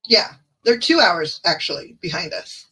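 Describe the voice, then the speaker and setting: A woman's voice: on the low side, sing-song, unhurried, pushed and bright, breathy edge, low-quality recording. A woman with a Midwestern accent, hosting a livestream as a card reader, chatty and digressive as she reads the chat aloud. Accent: Midwestern American. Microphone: phone.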